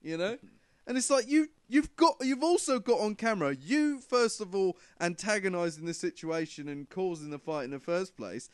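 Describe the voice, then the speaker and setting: Man, podcast host, casual chat, lively pitch, smooth clear voice, dry close sound. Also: normal speed, dry recording. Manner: animated storyteller, swears freely, laughs often.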